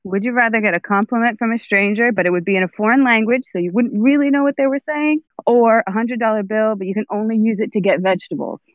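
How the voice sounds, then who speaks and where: A woman's voice: on the high side, quick pace, hardly any pauses, dry recording. A woman in a casual chat, thoughtful and a little hesitant, heard over a tinny line. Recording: tinny phone-like line, dry.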